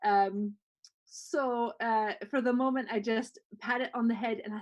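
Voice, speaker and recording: A woman's voice: on the high side, fairly even intonation, measured pace. A woman role-playing as a player in a tabletop game, talking in a flustered, hesitant way with frequent stammering.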